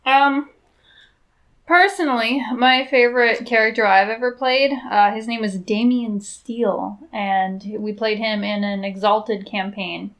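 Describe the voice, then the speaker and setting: A woman co-hosting a podcast in casual chat, animated and swearing freely. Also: a little high, unhurried. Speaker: podcast co-host.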